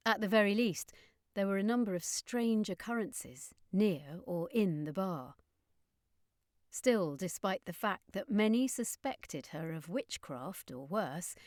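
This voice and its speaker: A woman narrating a storybook with a measured, expressive reading. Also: medium pitch, no room sound, clean studio sound. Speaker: audiobook narrator.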